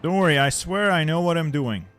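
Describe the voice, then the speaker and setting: A man hosting a strategy-game video, talking casually, clearing his throat often, and muttering and repeating himself in a self-deprecating way. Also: fairly high pitch, lively intonation, a little fast, fairly bright tone, soft background music. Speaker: gaming video host.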